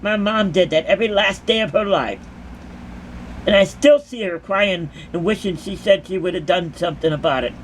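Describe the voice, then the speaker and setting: A woman's voice: fairly low pitch, normal speed, a little hiss or hum. A woman who dances at concerts giving an impassioned, emphatic monologue to her critics, full of repeated rhetorical questions.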